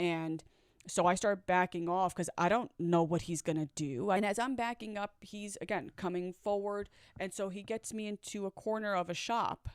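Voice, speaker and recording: A young woman speaks earnestly into the camera as she tells a personal story, acting out the dialogue as she goes. Her voice sits at a middle pitch. The sound is dry and close, with no room echo. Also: smooth. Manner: earnest, emotional retelling with quoted dialogue.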